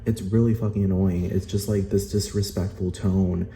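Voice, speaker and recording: Ranting man, deep dark voice. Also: steady tone, normal speed. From Puerto Rico. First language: Spanish. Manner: profane, heated, fillers of "like". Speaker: vlogger. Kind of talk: angry rant to camera. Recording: roomy echo.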